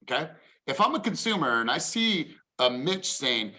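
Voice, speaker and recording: Bright-voiced man coaching with emphasis. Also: on the high side, very animated, moderate pace. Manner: emphatic, acts out a homeowner's reactions. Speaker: real estate coach. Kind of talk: motivational coaching talk.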